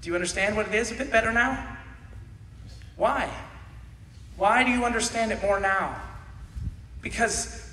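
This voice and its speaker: A man in his thirties preaching a sermon, animated, swinging between shouts and quiet asides, laughing often. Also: high voice, moderate pace, long pauses. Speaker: pastor. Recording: echoey hall from far off.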